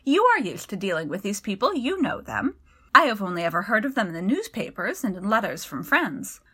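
A woman playing a fretful, earnest male scholar who frets aloud in a raised, lifting voice. The tone is bright and clear in a storybook reading. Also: big pitch swings, fairly quick, heavily acted. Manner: fretful and flustered, rising in pitch. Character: anxious, earnest poor male scholar-magician.

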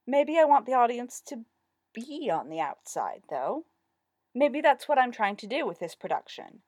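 A woman's voice: fairly high pitch, very animated, moderate pace, darkish tone, no echo, pitched above the performer's own voice. A woman voicing a condescending, demanding male theatre director in a story reading, with a dry close sound. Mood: blunt. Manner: condescending, self-important.

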